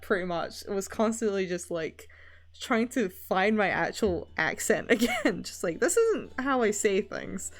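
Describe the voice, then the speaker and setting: A young woman from Scotland who streams, chatting casually while she draws and laughing often between sentences. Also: fairly low pitch.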